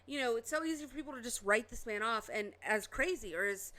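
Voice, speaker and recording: Bright-voiced woman chatting casually. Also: on the high side, expressive, fast talker. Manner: chatty, loose, many fillers. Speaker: commentator reacting to a clip. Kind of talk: casual reaction commentary.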